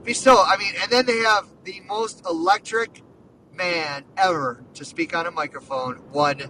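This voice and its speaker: A man hosting a casual sports podcast, talking in an excited, rambling way full of "dude" and "like.". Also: sits high, moderate pace, far from the mic, slight background noise, poor audio. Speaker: podcast host.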